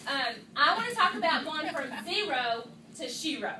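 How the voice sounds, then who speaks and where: A woman giving a lively, chatty motivational talk to her team at a meeting, calling them y'all. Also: high-pitched, moderate pace, echoey room, far from the mic, slight background noise, poor audio. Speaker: sales director speaking to her team. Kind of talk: motivational talk to a live audience. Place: meeting room with an audience.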